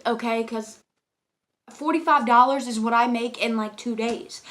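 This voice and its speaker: A woman's voice: a little high, moderate pace, fairly bright tone. A young woman who works as a cashier, ranting casually and profanely about customers with exasperated emphasis. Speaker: convenience store cashier.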